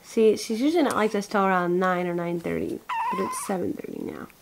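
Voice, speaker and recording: A woman's voice: mid-range voice, huge pitch swings, fairly quick, background noise. A mother at home talking to her newborn in sing-song, coaxing baby talk, recorded on a camcorder. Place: at home, indoors. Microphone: built-in camcorder mic.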